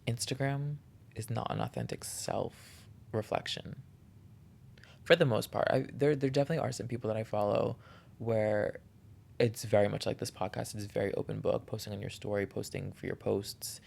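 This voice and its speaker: A man's voice: fairly low pitch, steady tone, normal speed, gravelly, darkish tone. A man hosting a solo podcast, talking in an earnest, heartfelt and encouraging way, often restarting his sentences. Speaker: podcast host. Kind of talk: reflective solo podcast monologue.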